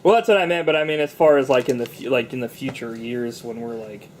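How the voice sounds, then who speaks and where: A man's voice: mid-range voice, fast, a little hiss or hum. A young man co-hosting a casual movie review chat, loose and profane, often laughing.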